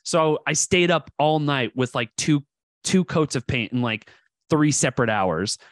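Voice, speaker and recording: A man's voice: fairly high pitch, lively intonation, measured pace, a bit bright, no echo. A man co-hosting a podcast, telling stories loosely with lots of fillers and swearing. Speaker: podcast co-host. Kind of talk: casual podcast chat.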